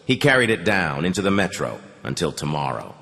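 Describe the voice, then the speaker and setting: Brief: somber male audiobook reader; low, measured, echoing. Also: sing-song, fairly bright tone. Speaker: audiobook narrator. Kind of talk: scripted narration. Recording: long reverb.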